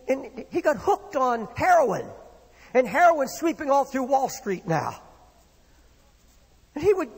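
A man's voice: very high-pitched, gravelly, slightly rough, in a large hall. A man preaching a sermon in an impassioned, dramatic way, acting out the words of the people in his stories. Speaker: pastor.

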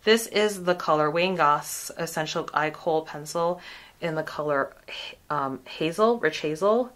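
A woman with a notably low-pitched voice talks through makeup swatches in a relaxed, chatty way. She fills her sentences with "like" and "um" as she compares products for her viewers. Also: measured pace. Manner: chatty, many "like" and "um" fillers. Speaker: beauty vlogger. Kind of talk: casual product review.

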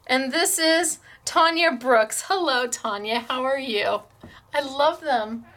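A middle-aged woman hosting a craft class from her store, gushing and emotional over handmade gifts, laughing often and talking slowly and fondly. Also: high-pitched, fairly bright tone. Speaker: craft store owner and host. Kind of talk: unboxing and showing crafts on a class video.

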